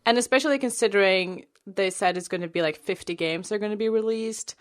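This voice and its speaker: A woman's voice: mid-range voice, fairly quick. Chatty woman podcaster. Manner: chatty and rambling, with frequent fillers. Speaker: podcast co-host. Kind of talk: casual podcast chat.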